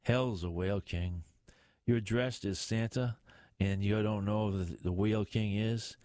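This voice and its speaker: A man's voice: lowish voice, steady tone, unhurried, darkish tone, no room sound, studio quality, natural voice. A man voicing a weary, grumpy middle-aged male police inspector who grumbles irritably. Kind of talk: audiobook character voice.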